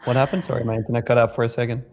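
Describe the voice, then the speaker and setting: A man chatting casually on a live trading stream, trading jokes with his co-host and giving blunt advice to viewers. His voice sits at an ordinary middle pitch, and faint music plays behind him. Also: flat delivery, rapid-fire, vocal fry, a little mellow. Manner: joking, blunt, reads chat aloud.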